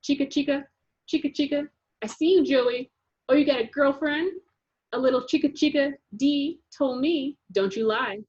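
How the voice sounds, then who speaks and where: A woman voicing a loud, showy eleven-year-old girl who teases in a sing-song voice and drops in Spanish words. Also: high-pitched, a little slow, pitched above the performer's own voice. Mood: sing-song teasing. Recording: dull lo-fi recording.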